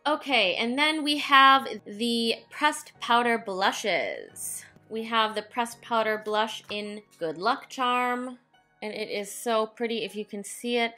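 A woman's voice: fairly high pitch, sharp tone. A young woman reviewing makeup at home in a chatty, playful way, joking and humming bits of song between comments. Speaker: beauty vlogger. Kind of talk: casual makeup review chat. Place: home, indoors.

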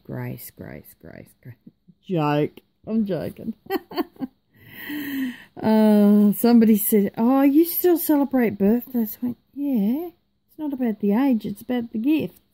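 Tired woman vlogger, chatty and rambling, slow and mellow, lowish voice. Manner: chatty, rambling, self-mocking. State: tired, yawning. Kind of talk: casual chat.

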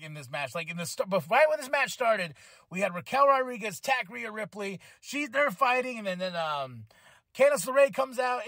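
High-voiced excitable man reviewing on a podcast. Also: dry recording. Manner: excitable, rambling, swears freely. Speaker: podcast host. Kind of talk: casual solo review podcast.

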